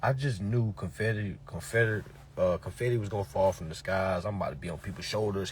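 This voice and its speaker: Low and slightly rough, the voice moves fairly quickly as this motivational speaker preaches at his followers. He repeats himself emphatically, peppering his talk with profanity and "all right?"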